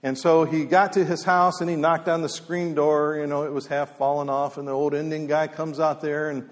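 A man telling folksy stories casually, with many fillers and restarts, in a halting, easygoing way. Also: a little high, flat delivery. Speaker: storyteller speaker. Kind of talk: casual spoken storytelling. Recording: long hall reverb.

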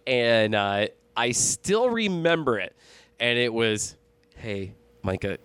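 A man's voice: mid-range voice, very animated, slow pace, fairly bright tone, clean tone, dry recording. Man telling a rambling, profane story. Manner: profane, rambling, with many fillers and restarts. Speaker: storyteller on a podcast. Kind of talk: casual spoken storytelling.

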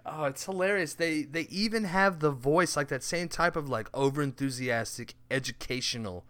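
A man's voice: on the high side, normal speed. A man co-hosting a casual gaming chat, joking and laughing often. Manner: animated, laughs often, jokey asides. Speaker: podcast co-host.

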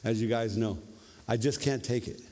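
A man's voice: mid-range voice, normal speed, a little hiss or hum. Man preaching a sermon in an echoing hall. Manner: conversational, animated, tag questions. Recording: long reverb of a hall.

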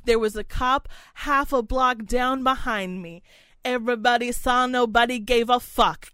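Podcast co-host, female, higher register, profane and animated storyteller, dry close mic. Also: measured pace, dry recording. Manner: profane, animated, gets loud and excited. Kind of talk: casual storytelling chat. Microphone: studio mic, close.

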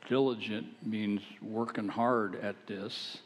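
A man's voice: on the low side, fairly even intonation, slow pace. A man, a pastor, preaching a sermon, earnest and at times emphatic as he exhorts his listeners. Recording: long hall reverb.

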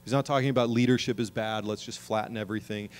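A man's voice: fairly low pitch, steady tone, quick pace. A middle-aged man preaching a sermon as pastor, earnest, with emphatic rising calls.

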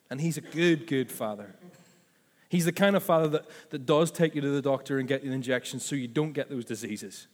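A man's voice: fairly high pitch, in a large hall. A man preaching a sermon as pastor, conversational and full of asides and self-corrections.

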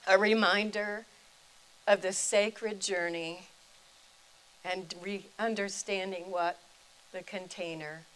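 An older woman, a retired chaplain and preacher, telling a personal faith story in a deliberate, reflective way. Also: medium pitch, steady tone, fairly bright tone, a little hiss or hum, low-quality recording.

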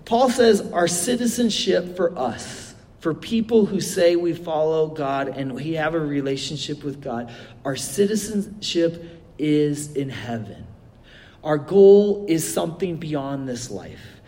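A man's voice: a little high, lively intonation, slow, dark tone, long reverb tail. A middle-aged man, a pastor giving a sermon and telling a funny personal story with many fillers.

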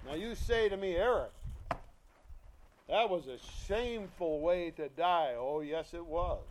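A man preaching a sermon, reading scripture emphatically and swinging between hushed, quiet lines and loud, stirring ones. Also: high voice. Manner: slow, deliberate delivery with emphatic scripture reading.

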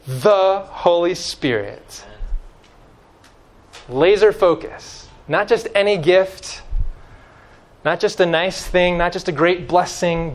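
A man preaching a sermon, emphatic and fond of repeating key phrases, swinging from loud stresses to hushed lines. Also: high-pitched.

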